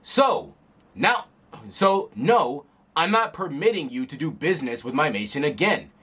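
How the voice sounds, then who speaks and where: A man's voice: on the high side, animated, unhurried, a bit bright, breathy edge, heavily acted. A man reading as Rimuru, a blunt slime demon lord. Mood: firm. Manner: firm, matter-of-fact, reasoning. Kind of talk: reading a manga aloud.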